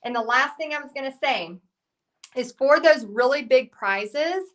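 Woman, hoarse, chatty live-stream host, bright forceful tone, fairly high. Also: expressive, a little slow. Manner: chatty, reads out viewer comments, many fillers. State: hoarse, losing her voice. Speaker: art teacher hosting a live stream. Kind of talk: casual live-stream chat.

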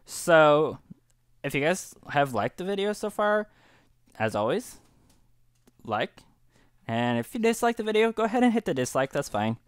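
A man hosting his own gaming channel, giving relaxed, chatty gameplay commentary with frequent little laughs. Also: a little high, normal speed, pauses often, clear, resonant tone, no echo, studio quality. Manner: relaxed, chatty, laughs often, many restarts. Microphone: headset.

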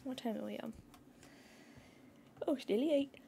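A woman's voice: on the high side, normal speed, gravelly, mellow, slight background noise. A woman streaming a game from home, chatting to viewers and her cat and crying out at the action. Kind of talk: live gameplay commentary. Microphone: desk microphone.

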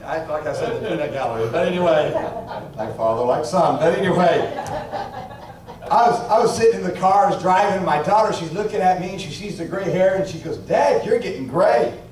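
High-voiced preacher in an echoey church. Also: male voice, brisk. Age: 40s. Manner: storytelling, animated, calls out to the congregation. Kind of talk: revival sermon. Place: church sanctuary. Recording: echoey church hall from far off.

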